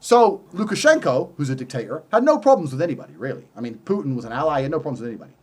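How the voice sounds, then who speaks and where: A man as a podcast guest, delivering a forceful monologue full of swearing and rhetorical questions. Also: on the high side, big pitch swings, rapid-fire, husky. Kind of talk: heated monologue.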